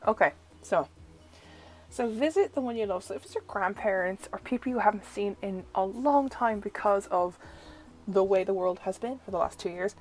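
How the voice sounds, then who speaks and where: Chatty young woman tarot reader, says like a lot, gushes over the pretty cards, soft music behind her. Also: medium pitch, moderate pace, rough recording. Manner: gushing, easily delighted. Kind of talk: casual oracle deck flip-through.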